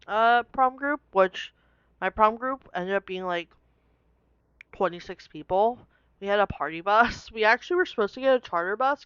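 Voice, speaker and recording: A young woman casually telling stories from high school, chatty and laughing often, with many "like" fillers. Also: fairly bright tone, clear, resonant tone, no echo, dull audio. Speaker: vlogger. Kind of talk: casual storytelling.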